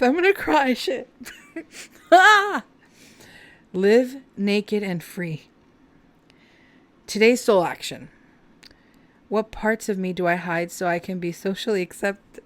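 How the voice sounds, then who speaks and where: A woman giving a casual tarot reading to camera, heartfelt and emotional as she talks straight to her viewers. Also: on the low side. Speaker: tarot reader.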